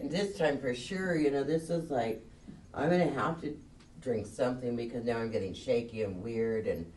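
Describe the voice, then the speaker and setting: A woman's voice: very deep voice, moderate pace, a little mellow. Candid woman sharing from a distant mic. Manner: candid and self-mocking, laughs often. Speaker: AA meeting speaker. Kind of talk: recovery share at a meeting. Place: meeting room. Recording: distant mic with faint noise.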